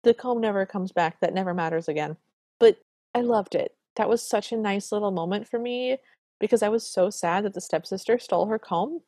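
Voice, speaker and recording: A woman's voice: mid-range voice, fairly quick, mellow, dry recording, studio quality. A woman co-hosting a podcast, casually recapping a film with enthusiastic, playful commentary and fan theories. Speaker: podcast co-host.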